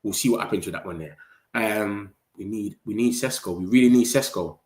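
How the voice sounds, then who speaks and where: Excitable slangy man streaming. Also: on the low side, brisk. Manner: excitable, slangy, reads chat aloud. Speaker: football fan streamer. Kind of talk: casual livestream commentary. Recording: roomy echo.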